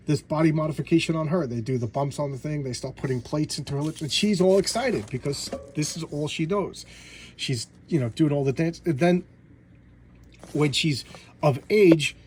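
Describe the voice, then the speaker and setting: A man casually retelling comic book stories in an animated way, slipping into voices for the characters. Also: on the high side, a little hiss or hum.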